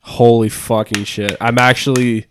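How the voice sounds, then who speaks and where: A man's voice: medium pitch, little pitch movement, unhurried, background noise. A man from Pennsylvania co-hosting a casual podcast, telling stories in a joking, profane way while sick. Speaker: podcast co-host. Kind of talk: casual chat. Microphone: podcast microphone.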